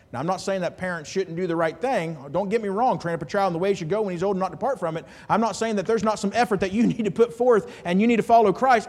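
A man preaching a sermon as a pastor, animated, swinging between loud and hushed, with chuckling asides. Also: high-pitched, fairly quick, long reverb tail.

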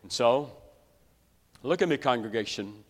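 A man from West Virginia preaching a sermon to his congregation, telling a story dramatically and swinging between hushed and loud. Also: mid-range voice, animated, unhurried. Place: church sanctuary. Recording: long reverb of a large hall.

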